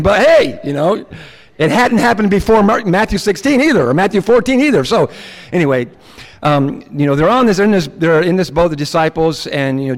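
A male pastor delivers a sermon in an easygoing, animated way, acting out the quotes he tells. His voice sits high for a man. The sound carries a long reverb, as in a big church sanctuary.

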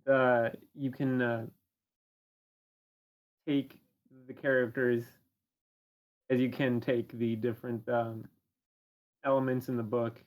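A man's voice: mid-range voice, flat delivery, slow, long pauses. A man co-hosting a podcast, talking in a hesitant casual chat full of uhs and ums. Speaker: podcast co-host.

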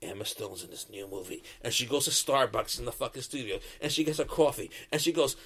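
A man's voice: medium pitch, brisk, fairly bright tone, husky. A man ranting as a co-host on a comedy podcast, profane and fired up.

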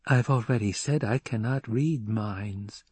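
A man with a husky voice, voicing a calm, defiant young girl who speaks slowly and quietly. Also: on the low side, no echo. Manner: quiet, slow, cool and measured.

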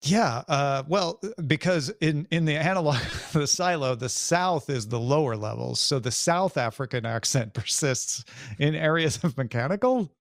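A man hosting a casual talk show, leading the discussion with quick asides and questions to his co-hosts. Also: on the high side, expressive, dry recording, clean studio sound. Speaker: podcast host. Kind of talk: casual chat.

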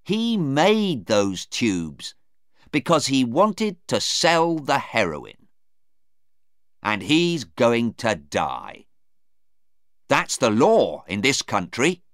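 A man's voice: medium pitch, very animated, fairly bright tone, no echo, studio quality, voice pushed up. A man voicing an agitated young man in a story. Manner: quick and emphatic.

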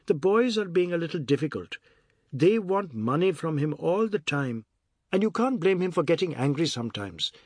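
A male reader voicing a middle-aged woman who speaks gently and reassuringly. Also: fairly high pitch, sing-song, normal speed, slightly rough, no echo, studio quality, pitched above the performer's own voice.

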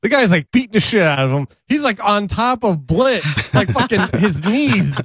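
Man, podcast regular, sheepish storyteller, bouncy higher voice, dry sound. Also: very animated, moderate pace, fairly bright tone, husky, dry recording. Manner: sheepish storytelling, swears freely. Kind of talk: casual chat.

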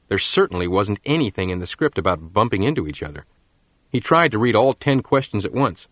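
A man reading a story aloud in scripted narration, with a measured storytelling manner. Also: fairly low pitch, animated, fairly bright tone, no echo. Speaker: audiobook narrator.

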